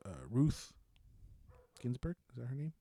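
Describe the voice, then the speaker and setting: A man's voice: medium pitch, normal speed, dark tone. A man co-hosting a casual podcast, talking through what he watched in a rambling, profane, self-mocking way. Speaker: podcast co-host. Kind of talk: casual chat reviewing shows.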